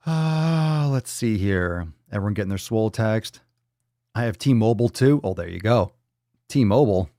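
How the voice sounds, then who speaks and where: Warm in tone and lively in intonation, the man speaks at a normal speed in a fairly low voice, recorded dry with clean studio sound. Hosting a relaxed livestream podcast indoors at home, he swears freely, talks loosely, and reads chat comments aloud.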